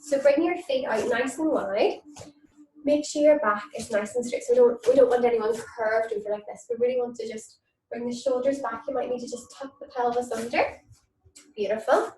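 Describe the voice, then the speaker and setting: Woman, gentle yoga teacher, soothing and encouraging, fairly high voice, echoey room, distant mic. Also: normal speed, slight background noise. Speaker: mum and baby yoga instructor. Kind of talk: online yoga class instruction with nursery songs. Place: indoor room, moving around on camera.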